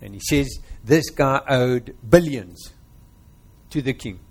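A man's voice: medium pitch, expressive, slow pace, darkish tone, husky. A man with a South African accent preaching a sermon, quizzing his congregation and retelling a parable.

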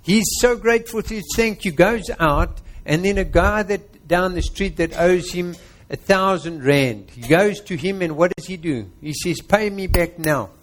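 A man's voice: high-pitched, measured pace, few pauses. A man with a South African accent preaching a sermon, quizzing his congregation and retelling a parable.

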